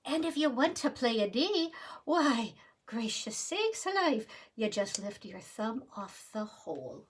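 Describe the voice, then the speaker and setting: A woman's voice: on the high side, very animated, measured pace, slightly rough, full character voice. A woman voicing a cheery, hammy female teacher with a put-on Irish accent and folksy exclamations. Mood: playful.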